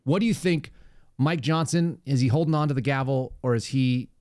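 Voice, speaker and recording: A man hosting a casual political podcast, talking in a sarcastic, rambling way with quick asides. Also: mid-range voice, a little mellow, no echo, clean studio sound. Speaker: podcast host.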